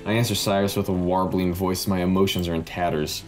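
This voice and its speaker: A man's voice: sits low, level tone, brisk, darkish tone, soft background music, pitched below the performer's own voice, close to an everyday voice. A man reading aloud as a young female student in a game's first-person narration, earnest and plain.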